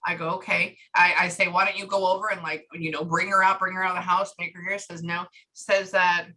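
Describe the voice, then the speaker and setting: A woman giving a psychic reading, relaying a spirit's words in chatty, lively bursts. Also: on the low side, a little fast, low-quality recording. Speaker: psychic medium.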